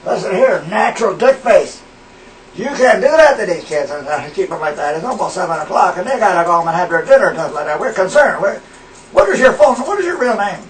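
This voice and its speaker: A man's voice: high-pitched, sing-song, brisk. A man playing a belligerent parent who hurls crude insults at a teacher in an improvised comedy sketch. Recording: echoey, distant, noisy amateur recording.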